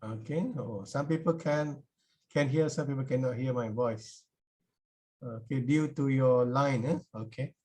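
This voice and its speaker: A man's voice: mid-range voice, measured pace, mellow. A man with a Malaysian English accent teaching a university class over a video call, tagging his sentences with "eh?" and speaking in plain, informal English. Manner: repeated checks with a tag "eh?", plain informal phrasing. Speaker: university lecturer. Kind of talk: online class lecture.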